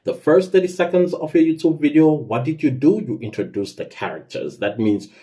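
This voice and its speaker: A man hosting a podcast, giving casual spoken advice with lively emphasis and occasional fillers. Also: on the high side, brisk. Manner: conversational, lively emphasis, self-corrections and fillers. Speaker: podcast host giving tips. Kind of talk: casual instructional talk.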